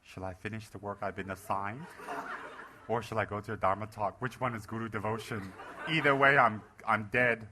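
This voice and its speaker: A man's voice: fairly low pitch, fairly even intonation, moderate pace, noisy background, close to an everyday voice. Man doing a dithering student. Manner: dithering, then dramatic. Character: torn young male student at a computer.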